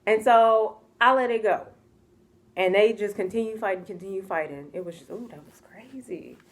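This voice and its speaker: A young American woman telling a personal story in a casual vlog, chatty and expressive, often acting out what people said and laughing. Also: medium pitch, moderate pace. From United States.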